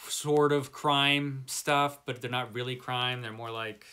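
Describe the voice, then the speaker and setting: A man's voice: medium pitch, fairly even intonation, slow, sharp tone, smooth. A man hosting a casual book tour video, chatting in a rambling, self-deprecating way. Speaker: book channel host.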